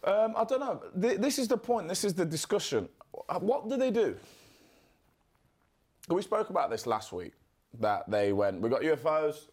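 A man co-hosting a podcast, chatting casually, swearing and jumping between quick impressions. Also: sits high, sing-song, a little mellow. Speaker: podcast co-host.

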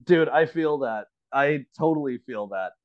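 Man, podcast co-host, casual chat, swears a lot, laughs through stories, middle pitch, muffled lo-fi audio. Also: animated, measured pace. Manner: profane, laughing storyteller. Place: at home, remote call. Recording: slightly dull, lo-fi remote audio.

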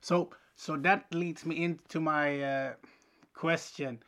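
A man interviewing a guest, asking questions slowly and hesitantly. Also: a little high, fairly even intonation, fairly bright tone.

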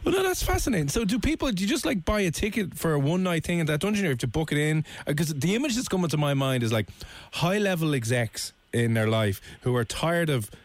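A man hosting the interview, asking questions in a playful, animated way. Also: fairly high pitch, quick pace, no echo. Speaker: podcast host.

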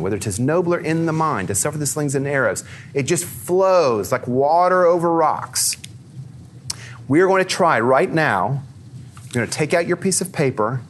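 A man giving a lively, conversational talk to a live audience, peppering his speech with fillers and questions for the crowd. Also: fairly high pitch, slight background noise.

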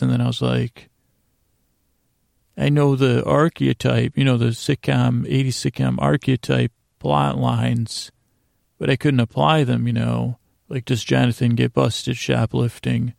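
Flat gravelly man rambling softly. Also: medium pitch, measured pace, dry recording, studio quality. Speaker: podcast host. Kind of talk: casual rambling recap for sleep.

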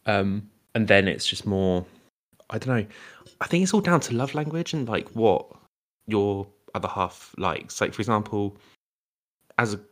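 A man's voice: on the low side, animated, unhurried. A man co-hosting a podcast in casual chat, rambling playfully with lots of fillers and restarts. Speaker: podcast co-host.

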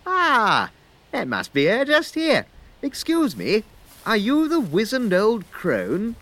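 Bumbling, chatty man, lively voice. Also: high-pitched, slow. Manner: bumbling, chatty, addresses listeners as my friends. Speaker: comic narrator in character. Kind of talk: comic audio sketch narration.

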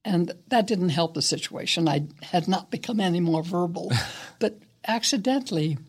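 An older woman, a guest actress, telling stories in an interview in a reflective, unhurried, somewhat hesitant way. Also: on the low side, animated, breathy edge. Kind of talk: interview storytelling.

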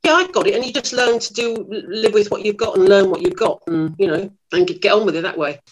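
A middle-aged woman, a lively, self-mocking actress telling stories in an interview. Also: mid-range voice, fast talker, low-quality recording. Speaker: actress guest. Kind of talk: anecdotal interview storytelling.

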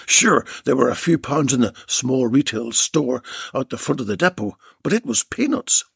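A man reads a comic crime story aloud with wry drama, his voice gravelly and a little husky. The recording is close and dry. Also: medium pitch, big pitch swings, moderate pace, no echo. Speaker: narrator. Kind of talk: audiobook-style story reading.

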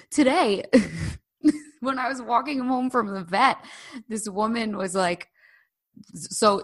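A woman co-hosting a casual chat podcast, telling stories in a chatty, animated way and putting on voices when she quotes people. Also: fairly low pitch, vocal fry. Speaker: podcast co-host. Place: living abroad in Britain.

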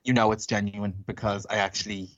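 A man chatting casually, telling a story in an animated way and acting out what people said. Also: lowish voice, fairly quick, lo-fi sound, slight background noise. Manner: animated, acts out quotes.

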